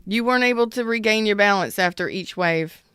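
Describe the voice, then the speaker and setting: A woman's voice: medium pitch, fairly quick, sharp tone, smooth, no echo, studio quality. A woman in her thirties giving a casual tarot reading, blunt and emphatic, swearing freely. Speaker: tarot reader.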